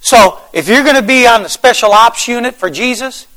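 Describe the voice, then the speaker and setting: A man preaching a fervent sermon, repeating phrases and rising into shouts. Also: very high-pitched, moderate pace, poor audio. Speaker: pastor.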